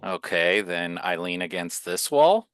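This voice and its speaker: A man's voice: sits low, animated, measured pace, a bit bright, clean tone. A man playing a tabletop role-playing game, chatting in a casual, offhand way. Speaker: player.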